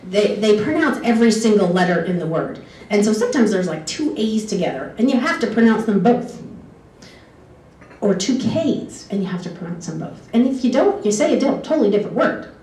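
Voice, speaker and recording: A former exchange student tells personal stories in a chatty way, wandering off on tangents and laughing often. Her mid-range voice is sing-song, brisk, and mellow, picked up by a distant mic in an echoey room with faint background hiss.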